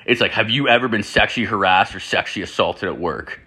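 A man telling crude stories in a casual ramble, swearing constantly and filling every pause with "like". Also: lowish voice, breathy edge. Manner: rambling, profane, full of "like" fillers; animated, jumps into acted-out quotes. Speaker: podcast host.

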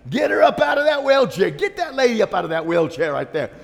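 A man voicing a frantic woman pastor who yells commands at the top of her lungs. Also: extremely high pitch, very animated, fast, gravelly, voice pushed up, full character voice. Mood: commanding. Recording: long hall reverb.

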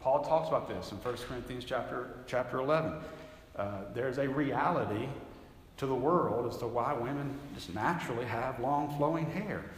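A man's voice: mid-range voice, normal speed, a little hiss or hum. A man teaching a Bible class from a handout, conversational and emphatic, often doubling back mid-sentence. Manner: conversational, emphatic, rambling with restarts. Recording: echoey hall, faint ambience.

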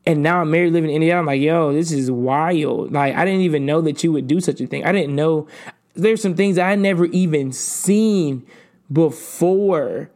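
A man's voice: on the high side, brisk, darkish tone. A man hosting a podcast, giving an earnest, casual faith talk and often repeating words as he goes. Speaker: podcast host.

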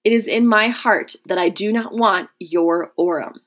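A woman's voice: medium pitch, a little slow, a bit bright. A woman reading the part of an honest young male slave who speaks plainly and levelly. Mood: firm. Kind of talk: audiobook character reading.

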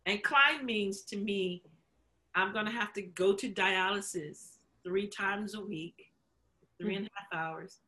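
A woman's voice: medium pitch, slow, pushed and bright. A woman co-host telling a personal story in candid conversation, laughing often, acting out quotes and getting choked up as she talks. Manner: emotional, chokes up while telling it. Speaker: show host sharing her story.

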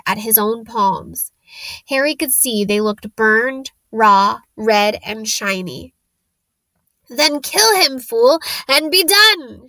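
A woman narrating a storybook chapter in a slow, dramatic reading. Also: fairly high pitch, bright, forceful tone, no echo, low-quality recording. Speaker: audiobook narrator.

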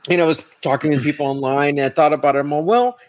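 Relaxed, chatty male guest. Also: fairly high pitch, rapid-fire. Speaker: podcast guest. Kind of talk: casual podcast discussion.

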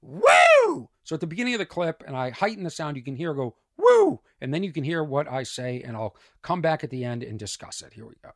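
A man, a stand-up comedian, telling a story on his podcast in an exasperated, animated way. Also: mid-range voice, fast, few pauses, no room sound, clean studio sound.

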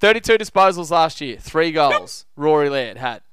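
An Australian man hosts a casual footy betting chat, pushing his tips with confident, lively banter. His voice is smooth and resonant. The sound is close and dry, with no room around it. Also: fairly high pitch, normal speed, no echo. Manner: confident, animated tipster banter. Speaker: podcast host.

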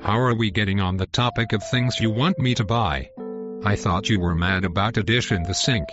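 An actor playing a calm, hurt husband who explains himself in a measured, pleading way, in a muffled recording with music underneath. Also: male voice, on the low side, natural voice. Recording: muffled sound with music behind.

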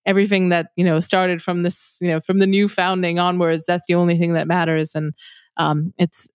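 A woman with a low voice hosts a podcast discussion. She speaks in a halting, thoughtful way, with many restarts and fillers. The recording is dry and close, with no room echo. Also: flat delivery. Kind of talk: casual political discussion.

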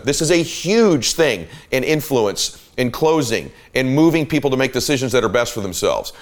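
An emphatic man delivers a motivational teaching monologue as a podcast host. His voice sits in an ordinary middle range, and he coaches with insistent repetition. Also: medium pitch. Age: adult parent.

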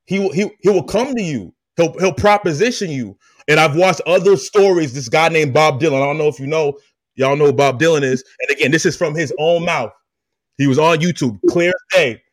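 A man hosting a podcast, telling a personal story in an animated, emphatic way and talking straight to his listeners with slang. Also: on the high side, brisk, dry recording, studio quality. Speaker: podcast host. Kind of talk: casual storytelling chat.

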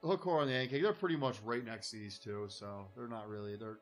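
A man's voice: medium pitch, a little fast, faint music behind. A man acting as game master, casually narrating a tabletop game with easygoing fillers.

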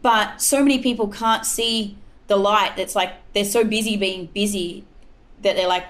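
A woman's voice: mid-range voice, steady tone, moderate pace, fairly bright tone. A woman hosts a casual podcast chat. She asks blunt, probing questions in an easy, direct way. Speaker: podcast host.

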